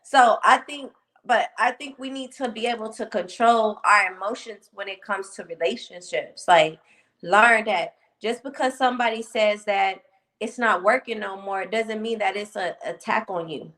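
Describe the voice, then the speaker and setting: A woman's voice: mid-range voice, moderate pace, a bit bright. Candid woman hosting a live stream. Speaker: host. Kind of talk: casual live-stream talk.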